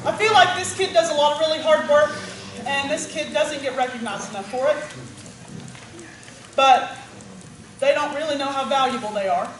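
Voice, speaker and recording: A woman who directs a band, announcing student awards at a banquet and calling out names with warm pride. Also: sits high, normal speed, pauses often. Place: school gym. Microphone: far from the recording device. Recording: echoey gym taped from far off. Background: crowd murmur and noise.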